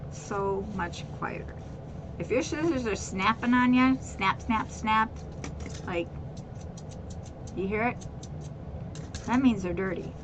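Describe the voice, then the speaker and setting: A woman's voice: mid-range voice, background noise. Chatty woman demonstrating a craft task. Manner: chatty, repeats words, addresses viewers as guys. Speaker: craft tutorial host. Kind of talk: casual how-to demonstration.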